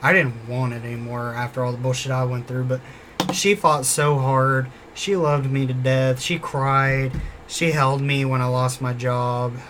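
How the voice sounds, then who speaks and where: A man's voice: mid-range voice, little pitch movement, moderate pace, a bit bright, a little hiss or hum. A man telling a casual story about a former job, rambling and swearing often, repeating himself as he goes. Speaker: former store worker.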